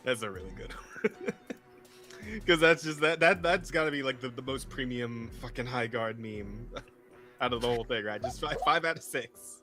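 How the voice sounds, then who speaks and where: Bright-voiced swearing podcast co-host man. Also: medium pitch, normal speed, soft background music. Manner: swears a lot, laughs easily. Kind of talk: casual chat.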